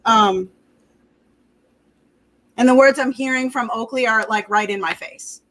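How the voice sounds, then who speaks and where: A woman's voice: a little high, a little slow, fairly bright tone, low-quality recording. A woman working as a pet communicator on a livestream, chatty and laughing at herself as she describes a dog. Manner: chatty, laughing, self-conscious. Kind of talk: livestream talk.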